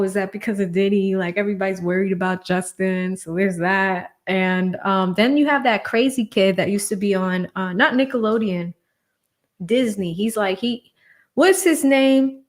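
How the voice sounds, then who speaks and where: A woman hosting a livestream, chatting casually, thanking donors and laughing often. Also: mid-range voice. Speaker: livestream host.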